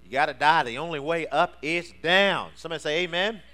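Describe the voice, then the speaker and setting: A man preaching a sermon, calling for responses from the congregation and rising to fervent shouts. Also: on the high side, a little fast. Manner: preaching with call-and-response prompts. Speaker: pastor.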